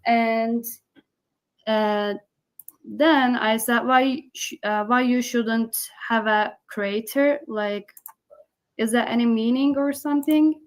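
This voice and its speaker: A woman's voice: fairly high pitch, steady tone, takes it slowly. A woman in a casual online debate, speaking hesitantly with many fillers while she tells an anecdote. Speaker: participant in online discussion. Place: online voice chat room.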